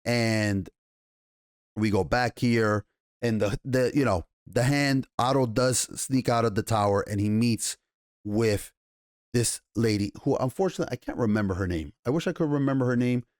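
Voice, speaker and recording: Hyped guy reviewing a tv ep, curses a lot, mid pitch, super dry close mic. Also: normal speed, no echo. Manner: excitable, profane, restarts and paraphrases scenes in slangy voices. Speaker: TV show reviewer. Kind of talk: casual recap and review.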